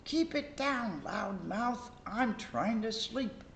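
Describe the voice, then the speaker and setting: A woman voicing a grumpy man from the top floor who yells at a noisy child. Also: fairly high pitch, animated, slow pace, vocal fry, reverberant, pitched above the performer's own voice, heavily acted. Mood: cranky. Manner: cranky, yelling.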